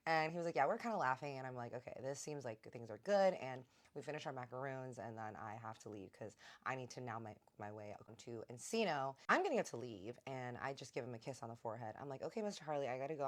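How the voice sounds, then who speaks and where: A young woman telling a personal story in a chatty, animated way, acting out the others in her own voice. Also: extremely low pitch. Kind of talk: casual storytime narration.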